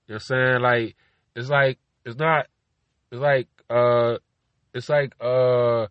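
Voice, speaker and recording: A man's voice: medium pitch, fairly even intonation, slow pace, clear, resonant tone, no room sound, muffled recording. A man hosting a podcast from his car, rambling casually and profanely, constantly asking "you know what I'm saying". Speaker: podcast host.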